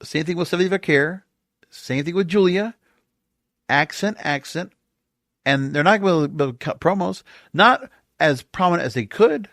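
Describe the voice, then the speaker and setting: A man's voice: high-pitched, animated, moderate pace, fairly bright tone, no room sound, clean studio sound. A man hosting a wrestling podcast, delivering a sarcastic, exasperated solo rant full of rhetorical questions.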